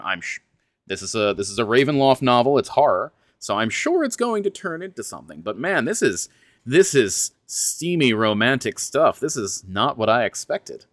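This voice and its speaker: A man's voice: mid-range voice, very animated, moderate pace, a bit bright, no echo. A man reading a fantasy horror novel aloud, breaking off now and then for chatty, stumbling asides. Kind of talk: dramatic book reading with casual asides.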